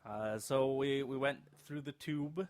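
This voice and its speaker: A man's voice: mid-range voice, measured pace, a little mellow. A young man co-hosting a podcast, chatting casually and rambling with jokes, often trailing off mid-sentence. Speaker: podcast co-host. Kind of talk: casual chat.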